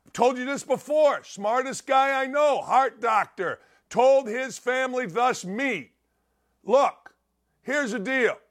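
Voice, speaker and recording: A man's voice: very high voice, measured pace. A middle-aged man hosting a talk show, giving opinionated commentary in punchy, repetitive short sentences.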